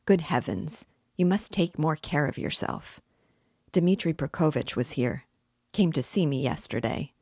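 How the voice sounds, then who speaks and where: A woman's voice: deep voice, animated, measured pace, darkish tone, breathy edge, no echo, clean studio sound, heavily acted. A woman reading an audiobook voices a chatty, ironical middle-aged male magistrate who fusses and needles. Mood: fussing. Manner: chatty, mock-solicitous, needling.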